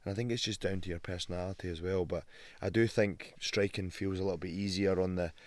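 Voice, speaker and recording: Young scottish man, podcast guest, lively casual storyteller, swears freely, low voice, dry sound. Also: fast talker, no echo. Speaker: guest, fighter.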